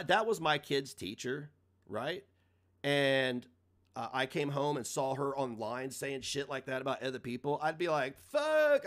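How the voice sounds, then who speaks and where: A man ranting casually on a live stream, mocking and swearing, laughing often at his own jokes. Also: medium pitch.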